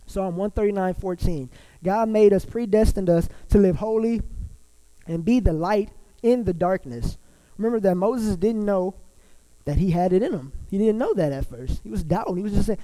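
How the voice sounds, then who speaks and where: A man preaching to his church in a relaxed, chatty sermon. His voice sits high for a man and has a soft, mellow tone. He keeps stopping to restart and uses plenty of fillers. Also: normal speed, poor audio. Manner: conversational, many fillers and restarts. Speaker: pastor.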